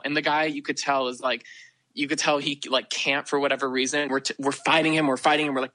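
A man's voice: medium pitch, flat delivery, quick pace, bright, forceful tone, dry recording. A man guest on a podcast, telling a long story in a rambling way, full of fillers and acted-out quotes. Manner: rambling, heavy use of "like", acts out quotes. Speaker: podcast guest, festival attendee. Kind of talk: casual storytelling.

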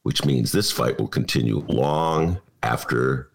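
A man's voice: extremely low pitch, a little slow, gravelly. A man hosting a political podcast, chatting casually in a self-deprecating way and laughing often. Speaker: podcast host.

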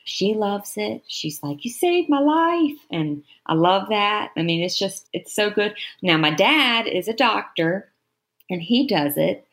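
Woman guest on a podcast, bit of vocal fry, chatty and upbeat. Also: medium pitch, unhurried, fairly bright tone. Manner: chatty and encouraging. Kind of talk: casual chat.

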